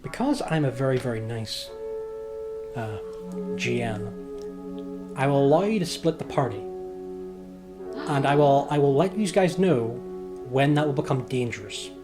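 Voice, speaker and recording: A man's voice: mid-range voice, lively intonation, measured pace, long pauses, over music. A man narrating a tabletop game as game master, in a jokey, teasing way.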